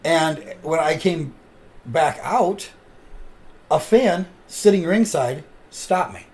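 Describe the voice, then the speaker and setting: A man hosting a podcast, chatting casually and telling stories with animated delivery. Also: fairly high pitch, slow pace. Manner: animated storyteller. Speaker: podcast host. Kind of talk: casual chat.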